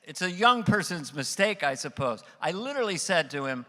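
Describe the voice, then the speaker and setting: A man doing stand-up at a private event, telling a story in an animated, self-mocking way, heard in a reverberant hall. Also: on the high side, brisk, few pauses. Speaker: stand-up comedian. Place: event stage. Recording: reverberant hall with faint music.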